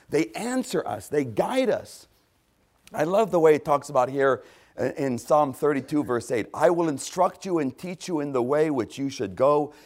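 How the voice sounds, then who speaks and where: An older man preaching a sermon, animated, swinging between loud exclamations and hushed asides. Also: a little high. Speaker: pastor.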